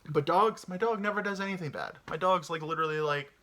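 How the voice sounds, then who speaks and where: A man's voice: fairly high pitch, quick pace, pushed and bright. A young man rambling through a casual comedic monologue as host, acting out the voices of pets and people. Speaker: podcast host.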